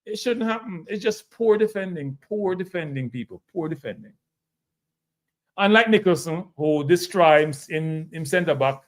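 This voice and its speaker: A Jamaican man hosts a casual football breakdown, hammering his points with repetition. His voice sits a little high. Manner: repetitive, emphatic, addresses viewers as people. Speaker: host of a live football show. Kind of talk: casual football analysis chat.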